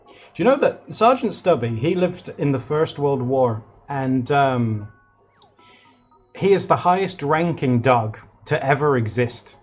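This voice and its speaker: A man streaming live while drawing, chatting excitably and rambling with lots of fillers in a slightly husky voice. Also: medium pitch, a little slow, highs cut off, soft background music.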